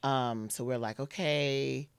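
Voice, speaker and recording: A woman's voice: a bass voice, slow pace, clean tone, no room sound. A woman guest on a podcast, telling a personal story and acting out what people said, with plenty of "like" fillers. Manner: animated retelling, acting out quotes, many "like" fillers.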